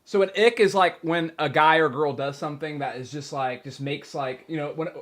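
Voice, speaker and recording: Teasing, higher-voiced male streamer. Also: normal speed, a bit bright. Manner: joking, teasing, rambling with fillers. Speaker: streamer host. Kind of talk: casual chat.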